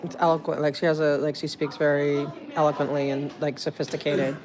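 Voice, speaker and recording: A woman's voice: sits low, flat delivery, fairly quick, a crowd in the background. A woman with a New Jersey accent, livestreaming in a rambling, chatty way full of restarts, recorded on a handheld phone. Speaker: streamer. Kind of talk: casual livestream chat.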